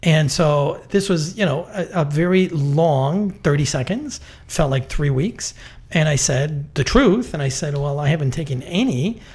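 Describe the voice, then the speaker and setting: A man's voice: on the high side, unhurried. A middle-aged man, a real estate network executive, telling stories bluntly and emphatically in a business interview. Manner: emphatic, blunt, lively storytelling.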